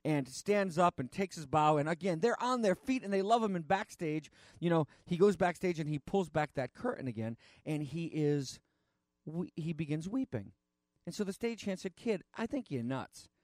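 A man preaching a sermon in an earnest, halting way, with frequent fillers and restarts. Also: fairly high pitch, lively intonation, a little mellow, no echo, clean studio sound.

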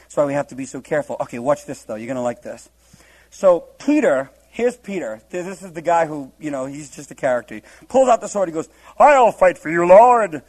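A man's voice: on the high side, sing-song, fast, a little mellow, poor audio. A man preaching a humorous verse-by-verse Bible teaching, laughing often and acting out the scenes in different voices.

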